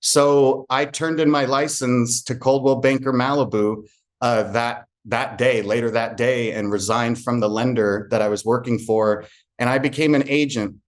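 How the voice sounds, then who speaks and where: A man's voice: mid-range voice, steady tone, moderate pace. A man who works as a real estate agent tells an earnest personal story to a group and acts out remembered conversations.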